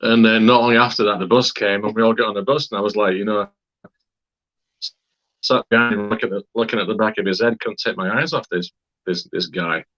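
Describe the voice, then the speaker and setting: A man's voice: on the low side, fairly even intonation, a little fast, a bit bright, dull audio. A man from Wakefield, England, telling a story in a casual, rambling way, with many fillers and hesitations. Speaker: interviewee.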